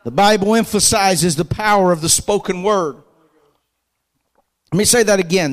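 A man preaching a fervent sermon, building to shouted emphasis and leading the congregation in call-and-response. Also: high voice, normal speed, long pauses, rough recording. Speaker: pastor.

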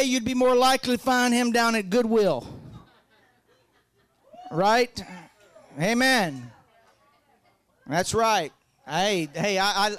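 A man preaching a sermon, folksy and joking, rising to loud fervent peaks. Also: extremely high pitch, clean tone, no echo. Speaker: pastor.

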